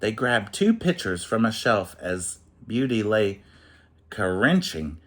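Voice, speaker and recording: A man reading a rhyming children's picture book aloud in an expressive, sing-song way. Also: fairly low pitch, takes it slowly, long pauses.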